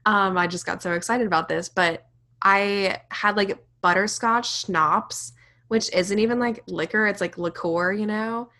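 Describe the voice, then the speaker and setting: A young woman co-hosting a podcast in casual chat, talking fast and loose with lots of "like" and "literally". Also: mid-range voice, pushed and bright. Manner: chatty, says "like" and "literally" a lot. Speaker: podcast co-host.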